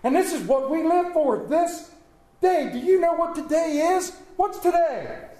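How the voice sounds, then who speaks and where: A man preaching an Easter sermon in a folksy way, swinging between loud calls to the congregation and quiet asides. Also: very high-pitched, a little slow. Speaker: pastor. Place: church sanctuary. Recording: echoey church room.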